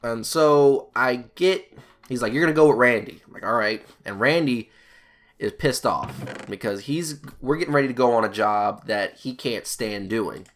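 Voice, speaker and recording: A man's voice: medium pitch, animated, measured pace. Rambling young man telling a story. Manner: rambling, swearing, laughing asides. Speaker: gaming YouTuber. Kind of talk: casual storytelling while playing a video game.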